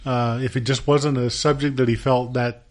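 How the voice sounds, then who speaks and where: A man interviewing a guest, sharing considered opinions in an unhurried way with some hesitant fillers. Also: mid-range voice, little pitch movement. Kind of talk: casual interview conversation.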